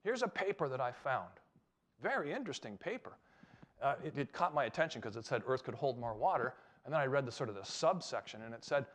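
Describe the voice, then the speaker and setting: A man giving an emphatic, animated talk to a live audience as a Christian apologetics speaker, often asking them rhetorical questions. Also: mid-range voice, brisk.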